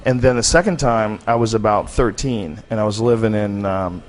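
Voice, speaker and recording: Casting: low-voiced male podcast host, rambling candid storyteller, swears freely. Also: normal speed, crowd noise. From United States. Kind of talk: casual storytelling.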